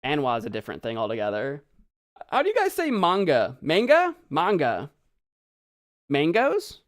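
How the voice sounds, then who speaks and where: An American man in casual live-stream chat, his pitch bouncing all over as he rambles. He giggles often and answers viewers' comments aloud. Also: huge pitch swings, brisk.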